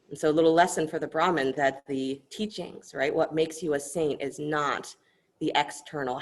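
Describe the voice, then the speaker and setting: A woman yoga teacher guiding an online class, speaking softly and gently and telling a story as she instructs. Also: low voice. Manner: soft-spoken, gentle and instructive.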